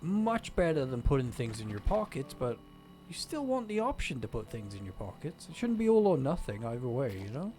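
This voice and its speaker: A man's voice: medium pitch, big pitch swings, a little fast, warm tone, faint music behind. A man on a stream, chatting casually and ranting wryly about everyday gripes. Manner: ranting, wry. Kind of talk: casual chat.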